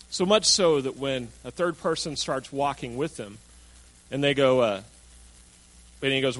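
A man preaching a sermon, telling a Bible story in an animated way and acting out the voices of the people in it. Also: mid-range voice, moderate pace, low-quality recording. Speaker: pastor.

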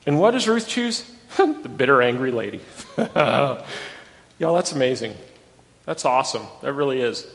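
A man preaching a sermon, animated and emphatic, repeating phrases for stress. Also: medium pitch, measured pace, gravelly, long pauses, big-room sound. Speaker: pastor.

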